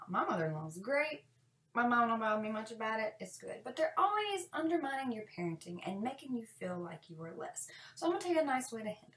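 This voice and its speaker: A woman giving sassy, deadpan, folksy comic advice in a monologue. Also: a little high. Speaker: parenting comedy vlogger. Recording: echoey room, distant mic.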